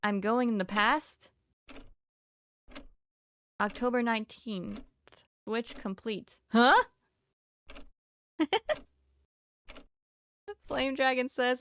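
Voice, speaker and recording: A woman's voice: mid-range voice, slow pace, pauses often, pushed and bright, smooth. A young woman streaming a horror game, chatting casually and getting flustered, laughing often. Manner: giggly, flustered, talks to the game. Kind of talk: casual let's-play commentary.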